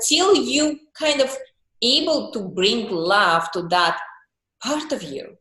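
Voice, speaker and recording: Woman coach on a group call, talks slow and earnest, kinda high voice, echoey room. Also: animated, a bit bright. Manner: slow, earnest, acts out emotions in little voiced monologues. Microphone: video call.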